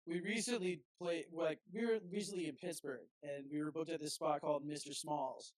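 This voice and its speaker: A slightly high-voiced man chats as a podcast guest. He is laid-back and strings his thoughts together with fillers. The recording is dry and close. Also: steady tone, brisk, no echo, rough recording. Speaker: band frontman and guest. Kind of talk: casual podcast chat.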